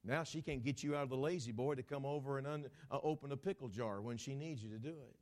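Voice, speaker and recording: A middle-aged man delivering a sermon, speaking straight to his listeners and swinging from loud, forceful bursts to hushed, almost whispered lines, often repeating and restarting words. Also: medium pitch, quick pace. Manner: dramatic preaching, swinging from loud outbursts to hushed near-whispers; addresses the audience directly, repeats and restarts words. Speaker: pastor.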